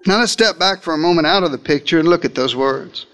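Speaking at a quick pace in a fairly bright tone, a man delivers a dramatic sermon, narrating events in the first person as though he were there. He talks directly to his listeners and theatrically varies pitch and pace for emphasis.

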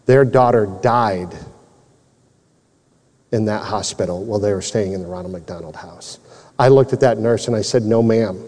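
A man's voice: lowish voice, moderate pace, long pauses, darkish tone. A man preaching, earnestly and emotionally telling a personal testimony. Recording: long reverb in a large hall.

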